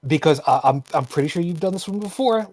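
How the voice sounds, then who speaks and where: A man co-hosting a podcast in casual political chat, quick and teasing one moment, careful and explanatory the next. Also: on the high side, lively intonation, a little mellow, low-quality recording. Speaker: podcast co-host.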